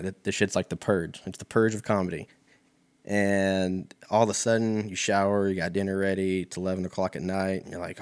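A man's voice: low-pitched, flat delivery, fairly quick. A young man talking in a rambling, profane, laid-back comedic monologue full of fillers.

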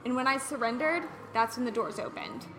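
A woman hosting a casual wellness podcast, telling stories in an animated way and acting out what people said. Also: on the high side, brisk. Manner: animated storyteller who acts out quotes. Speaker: podcast host.

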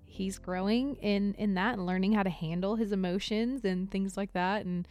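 A woman's voice: mid-range voice, fairly even intonation, normal speed, darkish tone, dry recording. A chatty woman co-hosts a family podcast, laughing often and teasing along the way. Her voice sits in a middle register and sounds close and dry, with faint music underneath. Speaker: podcast co-host. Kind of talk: casual family podcast chat.

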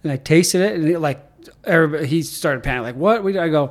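Middle-aged man, fairly high voice, animated storyteller, acts out quotes, casual podcast chat. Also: fast talker. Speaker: head athletic trainer, guest.

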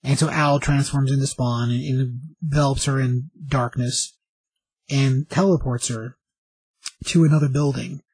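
A man retelling a plot in a loose, rambling way, filling the gaps with fillers. His voice is husky. The recording is dry and close. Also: medium pitch, fairly even intonation, a little slow, darkish tone, dry recording, rough recording. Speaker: vlogger recapping a show. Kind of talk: casual story recap.

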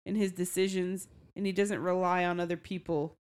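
A woman's voice: lowish voice, moderate pace, clean tone. Chatty woman recapping a novel. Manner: chatty, explains the plot in a relaxed way. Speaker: podcast co-host. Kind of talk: casual book chat.

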